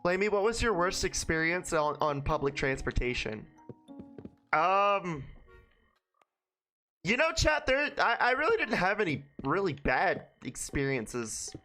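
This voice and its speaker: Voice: medium pitch, big pitch swings, measured pace, bright, forceful tone, faint music behind. A young adult streamer from Brooklyn, New York, telling rambling, profane stories to chat in a casual way. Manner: profane, rambling anecdotes with frequent restarts.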